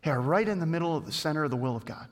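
A male pastor preaching a sermon in a loose, conversational storytelling manner that grows animated. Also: on the high side, racing. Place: church. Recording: reverberant church hall.

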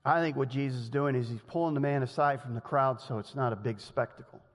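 A man preaching a sermon in a lively, conversational way, often laughing and acting out the quotes he tells. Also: mid-range voice, fast. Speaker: pastor. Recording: long hall reverb.

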